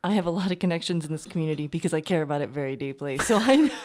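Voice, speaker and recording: A woman voicing a cruel, smooth-talking noble lady villain in a tabletop role-play, falsely sweet and taunting. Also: sits low, lively intonation, racing, a little mellow. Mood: menacing sweet. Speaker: tabletop game player.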